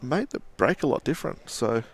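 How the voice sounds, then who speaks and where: Gravelly Australian man commentating pool. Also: mid-range voice, fairly quick. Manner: laughs often, relaxed banter. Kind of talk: casual live commentary.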